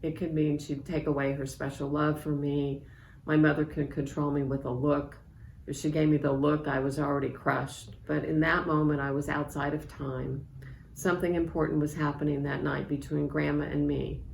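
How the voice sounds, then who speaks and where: A woman in her sixties, an author reading aloud from her memoir in a measured, reflective way. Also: low voice, level tone, vocal fry, darkish tone. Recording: echoey room with faint background noise.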